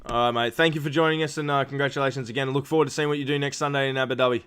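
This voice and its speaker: A man's voice: medium pitch, fairly even intonation, racing, fairly bright tone, clean tone. A man hosting post-race interviews on a live stream, rambling with lots of fillers and restarts. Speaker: stream host.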